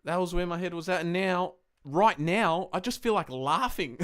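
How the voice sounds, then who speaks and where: A young man hosts a live football review stream, his voice smooth and resonant. He talks in an excitable, emotional rush, swearing freely as he vents to his viewers. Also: sits high, moderate pace, few pauses. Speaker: podcast host.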